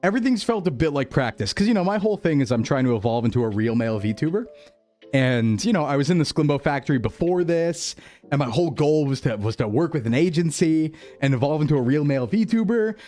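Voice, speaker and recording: A man's voice: a little high, lively intonation, fast, mellow, faint music behind. A young man streaming as a VTuber, chatting reflectively and rambling, repeating phrases and laughing often. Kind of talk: reflective casual stream chat.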